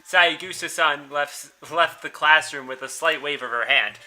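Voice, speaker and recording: A man's voice: fairly high pitch, moderate pace, sharp tone, soft background music. A young man hosting a let's-play, reading a visual novel aloud and commenting in a casual, blunt way, swearing freely.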